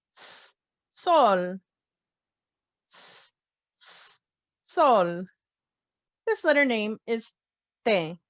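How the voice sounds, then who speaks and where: Woman phonics teacher, higher voice, very slow and careful delivery, dry sound. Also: fairly bright tone, no echo. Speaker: language teacher. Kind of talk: slow children's phonics lesson.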